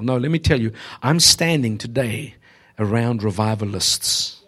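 Man preaching a lively sermon. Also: mid-range voice, measured pace, husky. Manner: exhorting, addresses listeners directly, often laughing. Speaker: visiting preacher. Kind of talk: humorous, prophetic sermon. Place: church in front of a congregation.

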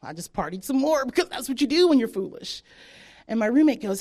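A woman from the States, giving a personal testimony in a chatty, animated way and acting out what people said. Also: mid-range voice, fast. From southern United States. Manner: animated, chatty, acts out quotes, laughs often.

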